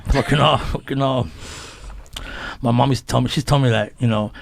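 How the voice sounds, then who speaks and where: A comedian guest chats casually on a podcast in a small foam-lined room, swearing freely, spinning stories and laughing often. His medium-pitched voice holds a steady tone with vocal fry, and there's no echo.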